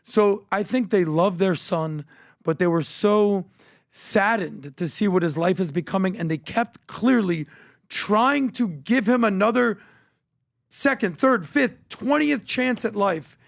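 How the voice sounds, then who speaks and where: Gravelly high-voiced man, slow and somber. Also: no room sound, clean studio sound. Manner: slow, sorrowful, measured. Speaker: podcast panelist. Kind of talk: somber podcast commentary.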